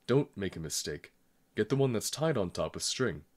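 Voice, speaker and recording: Guy doing a grumpy old granny, scolding, bossy, deep-ish voice. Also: very animated, normal speed. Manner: scolding, complaining. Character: stern, irritable old grandmother, fussy and proud.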